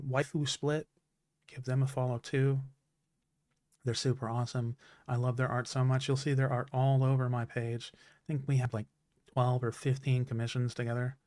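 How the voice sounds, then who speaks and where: A man streaming live, giving an emotional, heartfelt thank-you speech that is halting, full of fillers and restarts, his throat turning a little raspy. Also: mid-range voice, darkish tone, dry recording.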